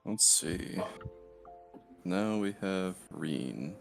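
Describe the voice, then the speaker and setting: A man running a tabletop game as game master, talking in a slow, laid-back way. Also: deep voice, lively intonation, vocal fry, music in the background.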